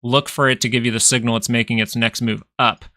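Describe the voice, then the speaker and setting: Going over charts on his live stock market stream, this man thinks out loud and repeats phrases to stress them. His mid-range voice sounds bright and forceful, level and fairly quick, with no room sound.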